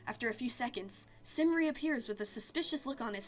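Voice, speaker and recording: A woman streamer reading a narrative game aloud in an expressive, storytelling way. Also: fairly high pitch, brisk, soft background music.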